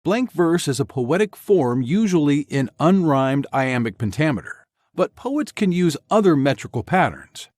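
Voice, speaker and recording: A man giving scripted educational narration in a slow, measured, evenly paced delivery. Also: on the high side, sing-song, darkish tone, no echo.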